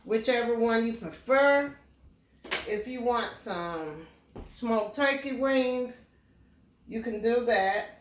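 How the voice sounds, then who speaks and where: A woman with a slightly high voice talks very slowly and patiently as she cooks at home, pausing to check in with a homey "okay?" between steps. The sound echoes around the kitchen, and she stands a little way back from the mic. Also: lively intonation, recorded from a distance, noisy background. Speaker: home cook. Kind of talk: casual cooking demonstration.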